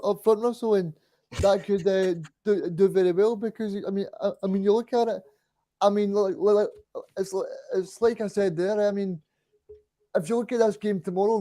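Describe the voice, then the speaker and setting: A man with a high, mellow voice chats about football as a podcast guest. He hesitates often, restarting sentences and leaning on fillers, in a dry, close recording. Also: dry recording. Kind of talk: casual football chat.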